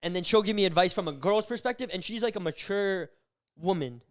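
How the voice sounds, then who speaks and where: Animated young man rambling on a podcast. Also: sits high, fairly quick. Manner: rambling, animated storytelling with lots of fillers. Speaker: podcast co-host. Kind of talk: casual chat.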